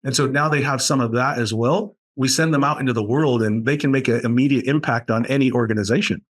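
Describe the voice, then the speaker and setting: A man from Boston, guest on a podcast interview, talking about his college aviation program with enthusiastic, animated storytelling. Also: medium pitch, fast.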